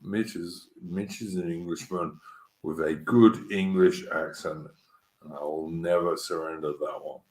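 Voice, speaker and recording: Host, male, lowish voice, blunt and matey with casual swearing, roomy echo. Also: fairly even intonation, a little slow, a little mellow. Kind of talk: casual chat.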